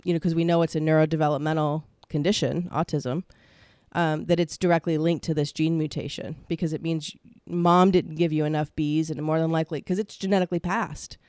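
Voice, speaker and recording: Smooth-voiced rambling woman co-host. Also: sits low, darkish tone, dry recording, studio quality. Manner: rambling, self-deprecating, searches for words. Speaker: podcast co-host. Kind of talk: casual podcast chat.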